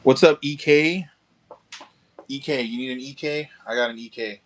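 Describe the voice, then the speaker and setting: A man with a medium-pitched voice talks at a moderate pace during a casual garage live stream at a car shop. Between selling model kits, he chats in a relaxed, talkative way, cursing occasionally and calling viewers dude and bro.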